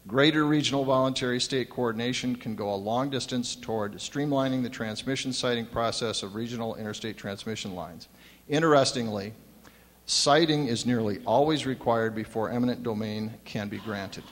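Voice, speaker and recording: A man's voice: medium pitch, normal speed, long reverb tail. A man giving prepared remarks as a commissioner on a conference panel, reading from notes with dry humor.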